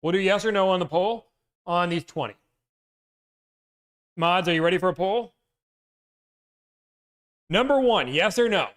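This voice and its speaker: A high-pitched livestream host speaks at a measured pace and pauses often as he reads a list. He playfully mixes in movie-quote impressions during the casual chat, recorded on a loud, peaking mic.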